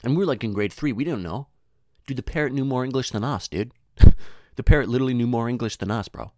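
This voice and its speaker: A young man tells a long comic story at a quick pace in a warm tone, recorded with studio quality and no echo. He rambles loosely, swears often, says "dude" and "you know," restarts lines, and jumps into sudden high voices when quoting people.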